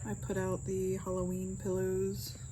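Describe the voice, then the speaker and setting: A woman's voice: medium pitch, completely flat delivery, moderate pace, mellow, a little hiss or hum. A woman in her thirties, a mother and vlogger, chatting casually at home in a rambling, filler-heavy way. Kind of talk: casual vlog chat.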